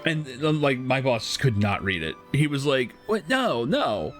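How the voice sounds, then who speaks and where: A man's voice: mid-range voice, animated, normal speed, soft background music. A man streaming a game, casually telling a story with frequent laughs and swearing. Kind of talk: casual storytelling while gaming.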